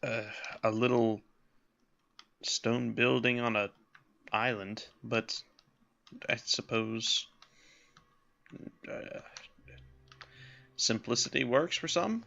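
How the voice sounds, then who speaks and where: A man's voice: medium pitch, slow, vocal fry, long pauses, pushed and bright. A man casually commenting while playing a role-playing game, musing aloud with self-deprecating asides. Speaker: let's play host voicing characters. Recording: slightly dull lo-fi sound.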